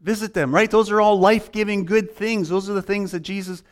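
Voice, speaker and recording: High-voiced man preaching a sermon. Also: steady tone, a little fast. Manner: storytelling preacher, acts out dialogue with swings in pitch and pace. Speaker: pastor.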